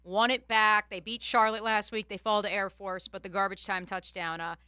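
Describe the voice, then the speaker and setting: A woman co-hosting a sports radio show, telling a betting story in an animated, excitable way. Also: medium pitch, normal speed, clear, resonant tone, no room sound. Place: radio studio. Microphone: studio microphone.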